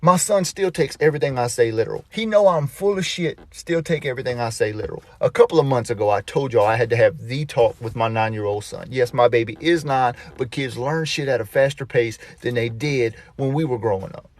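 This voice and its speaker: A man's voice: mid-range voice, brisk, few pauses, darkish tone, dry recording. A man telling comic stories about his kids in a profane, exasperated rant. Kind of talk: comedic storytelling.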